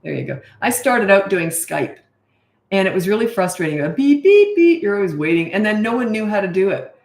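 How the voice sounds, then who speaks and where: A woman's voice: mid-range voice, lively intonation, fairly quick, echoey room. A middle-aged woman, a parenting coach, answering questions in a frank, chatty way and laughing at herself. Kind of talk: casual live Q&A chat.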